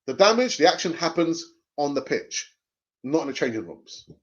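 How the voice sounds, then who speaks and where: A man's voice: a little high, big pitch swings, moderate pace. A man hosting a live fan stream, reading viewer comments and arguing his views with passion, often repeating phrases for emphasis. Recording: dull lo-fi stream audio.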